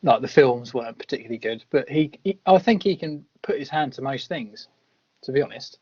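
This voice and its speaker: A man's voice: medium pitch, expressive, fairly quick, dark tone, slightly rough, dry recording. A man co-hosting a podcast, chatting casually about a film and laughing often. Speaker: podcast co-host. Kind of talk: casual film review chat. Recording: dry, muffled podcast audio.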